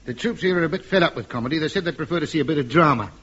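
An actor playing a scheming, smooth-talking agent with a chummy, wheedling manner, in a 1950s radio comedy. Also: male voice, on the high side, rapid-fire, fairly bright tone. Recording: dull old radio recording with faint hiss.

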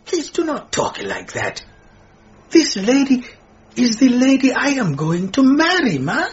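A timid middle-aged man, very slow, lively pitch, lo-fi radio sound. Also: full character voice. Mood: pleading. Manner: slow, pleading and hesitant. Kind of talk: radio drama acting.

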